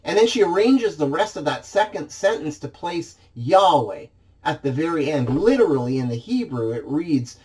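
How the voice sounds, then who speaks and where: A man's voice: on the high side, sing-song, moderate pace, a little mellow. A man preaching a sermon in church, reading scripture expressively and dramatizing the quoted lines.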